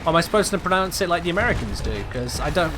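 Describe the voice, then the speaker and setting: A man's voice: a little high, animated, fast talker, background noise. A man streaming a video game live, chatting casually and musing aloud to his viewers about how to pronounce a name. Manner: chatty, muses aloud, keeps asking viewers about a pronunciation. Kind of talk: casual live-stream chat while gaming. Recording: game music loud behind the voice. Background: game music.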